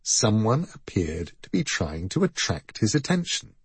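A man reading a story aloud in measured, expressive scripted narration. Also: on the low side, slightly rough, no echo. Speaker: audiobook narrator.

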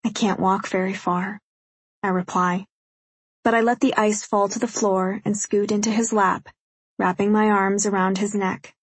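Husky female audiobook narrator. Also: mid-range voice, flat delivery, moderate pace, dry recording. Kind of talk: first-person audiobook narration.

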